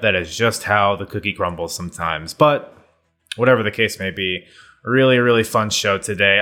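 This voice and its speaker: A man's voice: on the low side, bright, forceful tone. A young man hosting a podcast, rambling casually through his intro and laughing at himself. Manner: rambling, self-deprecating, laughs often. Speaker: podcast host.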